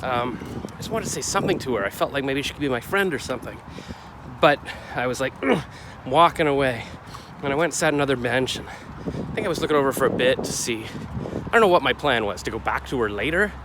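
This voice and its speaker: In a casual confessional vlog with street noise behind him, a middle-aged man rambles, questions himself and gets heated as he describes a clash. His mid-range voice is animated and fast.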